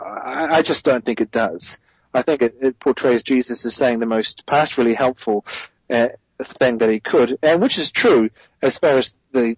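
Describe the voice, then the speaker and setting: A man with a medium-pitched, slightly breathy voice speaks as a guest theologian in an interview, giving a thoughtful, explanatory answer. He corrects himself along the way and stresses key points. The recording is low quality, with no echo.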